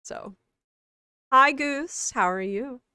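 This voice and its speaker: A woman co-hosting a game livestream in casual chat, halting and full of fillers and restarts. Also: sits high, sharp tone, clean tone, no echo, clean studio sound. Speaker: stream co-host.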